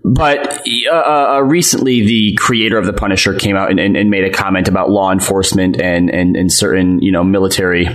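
A man co-hosting a podcast in casual chat, rambling and hesitant with many fillers and restarts. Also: low voice. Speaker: podcast co-host.

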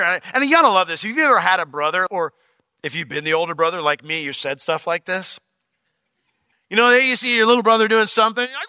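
A man preaching with a bright, forceful tone and a voice that leaps up and down in pitch. He acts out the characters' words as he teaches a Bible passage. The sound is dry and close. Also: a little fast, dry recording. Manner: animated, acts out quoted lines in character. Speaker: pastor. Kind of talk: expository sermon.

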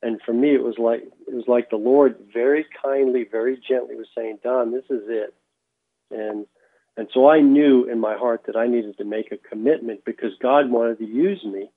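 A man, a former baseball player, telling his faith testimony as a radio guest, halting and repeating words as he restarts. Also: medium pitch, fairly even intonation, dry recording. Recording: tinny phone line.

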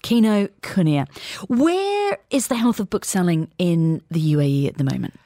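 A woman with a low voice hosts a business news show, brisk and conversational as she chats and asks questions. Her voice is close and dry, with no room sound. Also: huge pitch swings, dark tone, no echo. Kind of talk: news chat and interview.

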